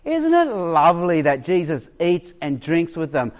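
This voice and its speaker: A preacher putting on the voice of a gushing, patronizing churchgoer, syrupy and condescending. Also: male voice, fairly high pitch, very animated, unhurried.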